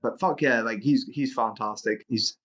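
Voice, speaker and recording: A man's voice: medium pitch, moderate pace, a bit bright, highs cut off. A man co-hosting a podcast, chatting casually about a film, rambling and swearing, restarting his sentences. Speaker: podcast co-host. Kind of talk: casual film-review chat.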